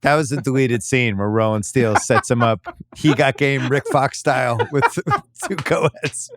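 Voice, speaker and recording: A man's voice: mid-range voice, expressive, unhurried, noisy background. Man hosting a movie podcast, enthusiastic. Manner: enthusiastic, recaps scenes with quoted lines. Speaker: podcast host. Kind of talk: casual chat.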